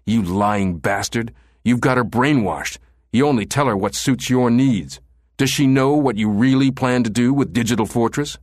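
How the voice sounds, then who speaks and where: A man voicing a desperate, sneering male hostage-taker who shouts threats. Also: lowish voice, animated, unhurried, no room sound, studio quality, pitched above the performer's own voice. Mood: accusing.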